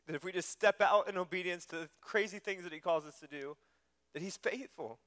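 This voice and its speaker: A man's voice: high voice, fairly quick, fairly bright tone, big-room sound. A man preaching a sermon as pastor, in a conversational way, often repeating and restarting his words.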